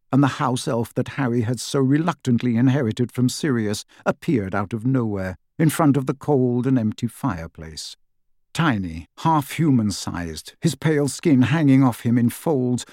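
Male audiobook narrator, measured and expressive, mid-pitched, dry booth sound. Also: dry recording. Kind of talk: scripted narration.

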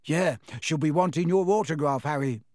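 A man's voice: a little high, moderate pace, darkish tone, no room sound, studio quality, close to an everyday voice. A man voicing a cheeky, joking teenage boy in a storybook reading. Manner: cheeky and offhand.

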